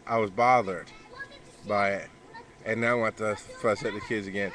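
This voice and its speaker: A man's voice: lowish voice, fairly even intonation, moderate pace, pauses often, a bit bright, slight background noise. A man talking casually to the camera in a blunt, profane way, scolding his kids between thoughts, outdoors by a pool. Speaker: podcaster and father. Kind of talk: casual vlog monologue.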